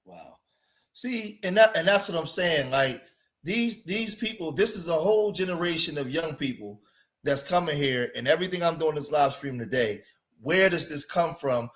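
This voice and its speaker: A man hosting a livestream, pressing his point with emphatic, preachy repetition. His voice sits a little high for a man. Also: expressive, moderate pace, a bit bright. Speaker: livestream host. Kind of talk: livestream commentary.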